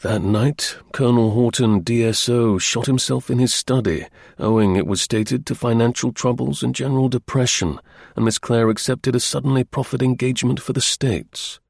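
A man reads an audiobook in a measured storytelling way. His voice is gravelly and husky, and his pitch rises and falls a great deal. The recording is dry, with no room sound. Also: a little mellow, no room sound. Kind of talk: audiobook narration.

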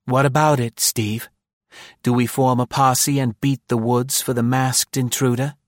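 Acid bossy society lady, a guy voicing her, higher and louder than his own voice, cutting and sarcastic, dry sound. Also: unhurried, dry recording, close to an everyday voice. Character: acid, shrewish society woman, crisp and bossy. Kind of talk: audiobook character voice.

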